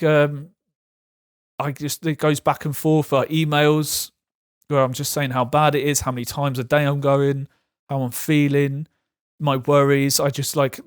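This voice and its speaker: A man's voice: mid-range voice, no room sound. Young man, candid vlogger, mid-range voice, dry close recording. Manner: frank and self-deprecating, laughs at hard moments. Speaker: vlogger sharing his illness story. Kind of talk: candid personal storytelling.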